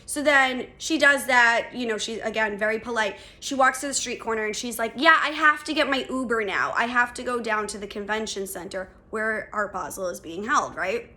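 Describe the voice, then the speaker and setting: Podcast host, young woman, bright and a bit high, casual storyteller who swears and says "like" a lot. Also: normal speed, few pauses. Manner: animated, swearing, lots of "like" fillers.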